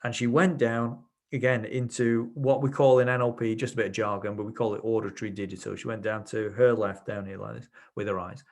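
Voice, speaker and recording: A man's voice: lowish voice, fairly even intonation, brisk, few pauses, a little mellow. A man teaching a webinar as a trainer, explaining his ideas through anecdotes from his sessions, with frequent restarts. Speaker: NLP trainer. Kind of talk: webinar lecture.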